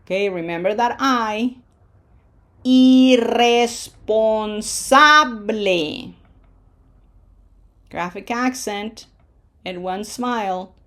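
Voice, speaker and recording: A woman teaching pronunciation in a slow lesson, drawing out each syllable and often checking in with "okay?". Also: mid-range voice. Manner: drawn-out syllable-by-syllable modeling of words.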